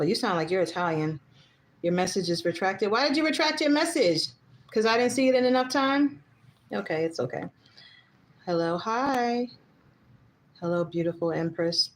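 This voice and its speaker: A woman hosting a casual livestream, chatting loosely, reading out viewer comments and getting heated and emphatic when she vents. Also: medium pitch. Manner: chatty, rambling, reads comments aloud. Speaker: livestream host.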